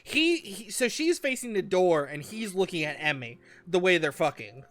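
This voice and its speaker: A man's voice: sits high, big pitch swings, moderate pace, a bit bright. A man hosting a casual comedic podcast, rambling and acting out characters in exaggerated quotes. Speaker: podcast host.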